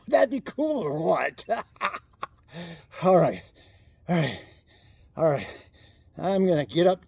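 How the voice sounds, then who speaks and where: Chuckling older man vlogging, husky voice. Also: on the high side, dry recording, studio quality. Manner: chuckling, chatty, rambling. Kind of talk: casual vlog chat. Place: outdoor cold plunge tub.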